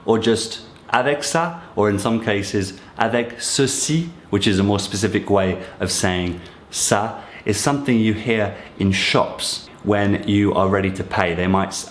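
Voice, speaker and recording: Man, low-pitched voice, casual language teacher, encouraging, talks to viewers, echoey room, faint background hum. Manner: friendly, encouraging, addresses viewers directly. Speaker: French teacher.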